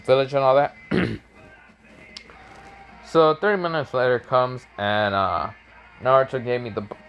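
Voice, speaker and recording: A man telling an improvised fan story in a rambling, halting way, stopping to search for words. Faint music runs behind him. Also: mid-range voice. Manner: rambling, halting, many fillers and restarts.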